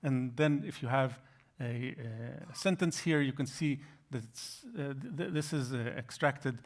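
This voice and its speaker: A man giving an academic lecture, explaining slides in a halting way with frequent restarts. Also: mid-range voice.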